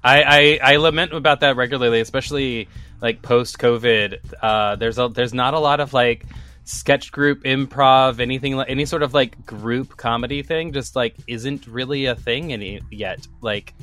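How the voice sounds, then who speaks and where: Man, co-host, halting, bright voice, faint music. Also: mid-range voice. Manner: halting, repeats words. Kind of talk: casual chat.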